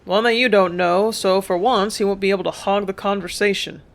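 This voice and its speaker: A gruff sea captain with a blunt, fatherly way of lecturing, as a reader puts him on. He sounds firm and plain-spoken, a storybook skipper explaining hard truths. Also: sits high, fairly even intonation, brisk, fairly bright tone. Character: gruff middle-aged male ship captain, blunt.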